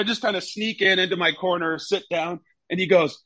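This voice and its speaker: A man's voice: high-pitched, fairly quick, few pauses, no room sound, low-quality recording. A former goalkeeper, telling stories casually in an interview and acting out his coaches. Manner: animated storyteller, acts out coaches in raised voice.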